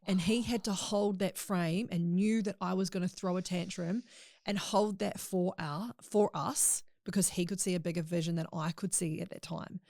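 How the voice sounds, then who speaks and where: A woman's voice: lowish voice, fairly even intonation, moderate pace, a little mellow, no room sound, clean studio sound. A woman guest on a podcast, telling a personal story in a candid, emotional way in casual chat.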